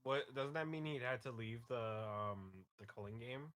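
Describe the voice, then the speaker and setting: Bright-voiced man with doubtful interjections. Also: mid-range voice. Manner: quick doubtful interjections and questions. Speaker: podcast co-host. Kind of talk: casual chat.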